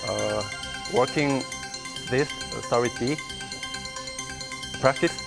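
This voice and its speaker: Halting, very slow male quiz contestant. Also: mid-range voice, gravelly, music in the background. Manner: halting, many fillers while searching for words. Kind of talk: giving clues in a speed quiz.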